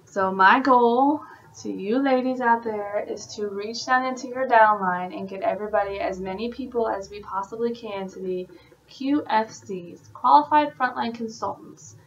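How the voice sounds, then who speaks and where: A woman's voice: a little high, normal speed, dull audio, a little hiss or hum. A woman, an independent sales consultant, giving her team a casual, encouraging update with lots of fillers. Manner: chatty, encouraging, many fillers.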